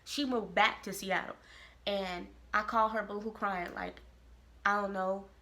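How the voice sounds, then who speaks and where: A woman from Kansas City, telling a personal story to camera in a lively, expressive way. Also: medium pitch, measured pace. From Kansas City, Missouri. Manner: animated, expressive storytelling with quoted voices. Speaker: vlogger. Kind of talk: casual storytelling.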